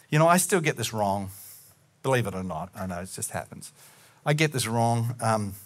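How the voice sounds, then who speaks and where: A man preaching a sermon as a pastor, talking earnestly and telling personal stories, and acting out remembered conversations in lively bits. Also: mid-range voice. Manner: animated, acts out remembered conversations.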